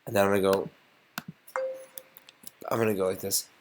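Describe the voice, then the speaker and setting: A man's voice: sits low, flat delivery, moderate pace, a little mellow. A man teaching a casual music lesson, thinking aloud and getting enthusiastic as he composes.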